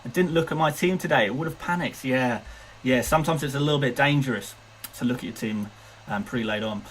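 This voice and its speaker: On a rough recording with a little hiss or hum, a young fantasy football streamer talks fast in a mid-range voice. He's chatty and upbeat, reads out viewer messages, and leans heavily on fillers and false starts.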